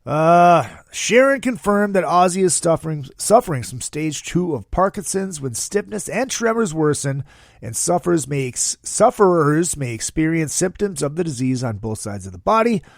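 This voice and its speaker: A man hosting a casual podcast, talking in a profane, excitable, jokey way. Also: a little high, moderate pace, gravelly, no echo, clean studio sound. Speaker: podcast host.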